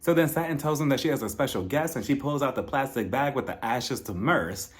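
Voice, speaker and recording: A man giving a casual, gossipy recap of a reality TV episode in a sassy, animated way, laughing often. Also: medium pitch, fairly quick.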